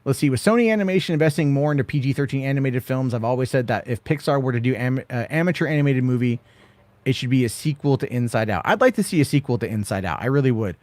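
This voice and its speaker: A man's voice: medium pitch, expressive, fast, darkish tone, dry recording. A man hosting a casual late-night stream and answering viewer questions one after another. His talk rambles and swears freely, with lots of filler as he moves through the list. The voice sits in an ordinary middle range and is recorded dry and close, with no room sound. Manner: rambling, profane, reads viewer questions aloud. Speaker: host answering chat questions. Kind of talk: casual live-stream chat.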